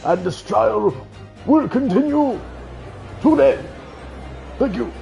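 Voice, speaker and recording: A man's voice: very high-pitched, animated, takes it slowly, creaky, mellow, highs cut off, faint music behind, pitched above the performer's own voice, full character voice. A man doing a blustering courtroom judge. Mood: declaring. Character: blustering older male judge.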